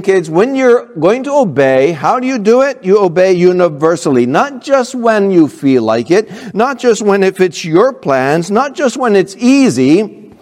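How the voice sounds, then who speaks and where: A pastor, a man, preaches with a fairly high, widely swinging voice. He acts out children and parents as he talks. His words ring out into a church sanctuary with a long, trailing reverb. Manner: animated preaching, acting out kids and parents. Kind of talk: sermon.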